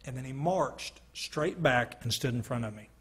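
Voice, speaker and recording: A man's voice: medium pitch, lively intonation, normal speed, a bit bright, breathy edge. A man giving an earnest personal testimony to a gathering, telling a story with quoted dialogue. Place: church hall or meeting room. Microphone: handheld or stand mic, sometimes stepping away.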